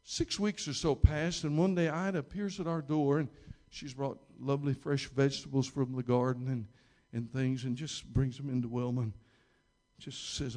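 A male pastor telling a story from the pulpit in a mid-range voice. He rambles, restarts his sentences and repeats little words. He pushes up in pitch and volume when he stresses a point. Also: little pitch movement, moderate pace, darkish tone. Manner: emphatic, rising in pitch and volume at key moments. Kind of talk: storytelling sermon.

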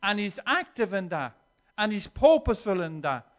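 A man preaching with a notably high voice. He moves between soft, reflective stretches and forceful, emphatic declarations, often restarting and repeating words as he builds a point. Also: big pitch swings, normal speed. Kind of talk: sermon.

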